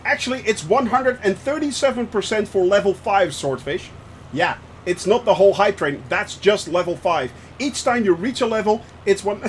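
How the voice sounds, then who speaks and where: Young male streamer from the Netherlands, high voice, effusive and giggly, faint hum behind. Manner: effusive, laughs often, repeats phrases. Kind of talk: live-stream chat while flying a sim.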